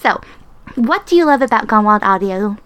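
A woman's voice: mid-range voice, expressive, normal speed, fairly bright tone, smooth. A woman hosting a casual chat interview, giggly and gushing, swearing casually. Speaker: podcast host.

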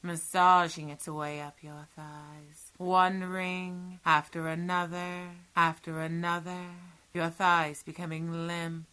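Woman, whispered role-play, very slow, soothing and commanding, low-ish voice, bright edge, breathy whispers. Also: level tone. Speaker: hypnosis audio performer.

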